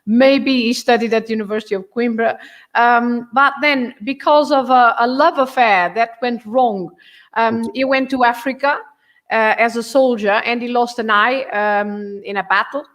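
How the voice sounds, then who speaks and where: A woman from Portugal with a Portuguese accent, a guest teacher explaining culture with many pauses and fillers. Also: on the high side, steady tone. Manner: halting, many fillers, warm laughs. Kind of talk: explaining culture on a live show.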